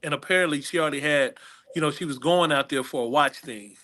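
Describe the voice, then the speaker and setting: A comedian appearing as a podcast guest over a video call tells stories animatedly and acts out other people's voices. His voice is a little high, fast, bright and forceful.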